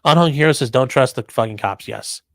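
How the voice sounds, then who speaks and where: Male stream host, mid pitch, crude offhand humor, close dry sound. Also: fairly quick, creaky, fairly bright tone, no echo. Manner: offhand, crude jokey asides. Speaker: livestream host reading chat. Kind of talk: casual livestream commentary.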